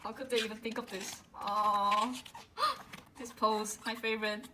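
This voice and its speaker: A woman unboxing a music album and gushing over it in a casual way, with frequent gasps and a drawn-out delivery full of fillers. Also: fairly high pitch, slight background noise, poor audio. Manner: excitable, gasps often, gushing. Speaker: vlogger.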